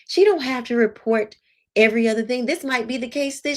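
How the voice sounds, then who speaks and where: A woman's voice: a little high, a little fast. A woman hosting her own commentary show, reading text messages aloud with sarcastic, incredulous asides. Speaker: show host.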